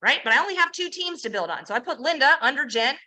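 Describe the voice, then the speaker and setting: A woman giving an energetic sales presentation, telling success stories, asking the audience rhetorical questions and acting out quoted dialogue. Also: high voice, fast, low-quality recording. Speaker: presenter pitching a home business.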